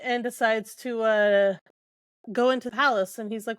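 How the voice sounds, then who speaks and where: Speaking at normal speed in a slightly high voice, this podcast co-host is a young adult woman casually recounting book scenes. She quotes the characters' lines and fills her speech with lots of fillers. The recording is dry.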